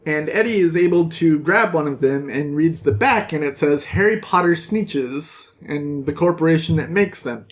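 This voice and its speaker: Animated book reviewer with a lively voice. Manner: animated, swings into shrill bursts and swears. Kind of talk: casual book recap.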